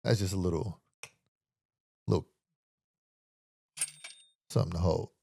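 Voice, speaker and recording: A man, hosting a podcast and telling a story in animated, profane style with vocal sound effects. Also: sits low, unhurried, creaky, breathy edge. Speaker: podcast host. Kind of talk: storytelling commentary.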